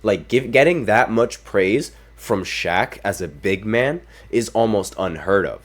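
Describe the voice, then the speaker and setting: Deep-voiced male sports podcaster. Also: expressive, unhurried. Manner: opinionated, reads quotes aloud, apologetic asides. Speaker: podcast host. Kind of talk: casual sports commentary.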